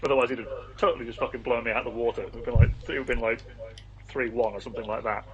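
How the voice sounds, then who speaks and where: A man co-hosting a casual talk show, talking quickly with swearing and chuckled asides. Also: mid-range voice, fairly even intonation, muffled recording. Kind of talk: casual banter about tabletop game league.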